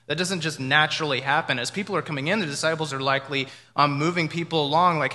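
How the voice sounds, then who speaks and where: A pastor with a slightly high, sharp-toned voice preaches a sermon fast, with hardly any pauses, in a reverberant hall. His delivery is conversational and reflective, and he often acts out what people might have said.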